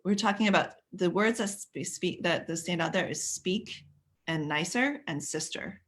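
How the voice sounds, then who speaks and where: Lower-voiced woman, parenting coach on a live stream, chatty and self-correcting. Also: moderate pace, fairly bright tone. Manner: chatty, greets viewers by name, restarts sentences.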